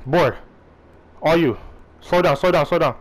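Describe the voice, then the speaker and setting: A young man calling out plays to his teammates while gaming, excitable and profane, barking quick instructions. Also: fairly high pitch, poor audio. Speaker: gamer playing online. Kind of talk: live gameplay commentary.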